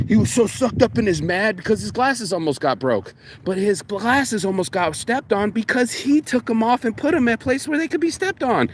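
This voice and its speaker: A man rambles through a morning vlog with a slightly high voice, swearing freely as he tells his stories. He acts out other people's lines as he goes. Light outdoor noise sits under his voice. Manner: profane, animated storytelling with quoted voices. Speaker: vlogger. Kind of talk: casual rambling vlog rant.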